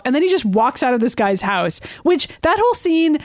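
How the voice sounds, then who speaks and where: A woman with a high voice co-hosts a casual recap podcast. She retells scenes, quotes lines and laughs often. The sound is dry, with no room around her. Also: very animated, normal speed, hardly any pauses, a little mellow, dry recording. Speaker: podcast co-host.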